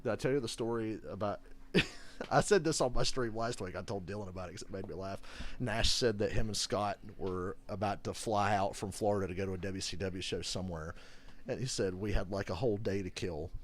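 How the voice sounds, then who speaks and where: A man chatting casually and reacting to a live game, swearing often, laughing a lot and getting excited. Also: fairly low pitch, fairly quick. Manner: profane, laughing, excitable banter.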